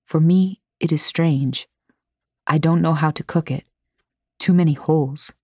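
A woman reading the part of a cheerful, talkative young man from Mexico in simple, warm phrases. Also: low voice, fairly even intonation, unhurried, husky, no echo, clean studio sound. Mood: chatty.

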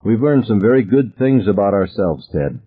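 A man voicing a cold, prim teenage girl who scolds in a measured way. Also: lowish voice, sing-song, slightly rough, narrow, tinny audio.

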